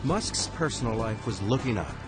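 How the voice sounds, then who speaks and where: A man giving scripted documentary narration in a measured, dramatic way. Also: lowish voice, lively intonation. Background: music.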